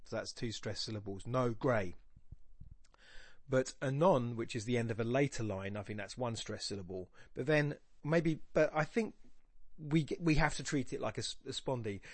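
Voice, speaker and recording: A man who hosts a podcast and teaches, analysing a poem aloud, musing and stopping himself mid-thought and reading quoted verse slowly. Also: mid-range voice, no room sound. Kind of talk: thinking-aloud poetry analysis.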